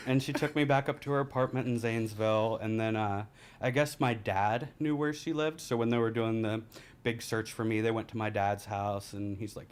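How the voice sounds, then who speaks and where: A man, a podcast guest telling a rambling, candid story and laughing through the dark parts. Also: lowish voice, fairly even intonation, a little fast, slight background noise. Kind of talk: casual storytelling.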